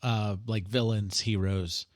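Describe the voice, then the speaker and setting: A man co-hosting a podcast in casual chat, hesitant and quick to laugh. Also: on the low side, steady tone, dry recording, clean studio sound. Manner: hesitant, many fillers and restarts, laughs a lot. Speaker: podcast co-host.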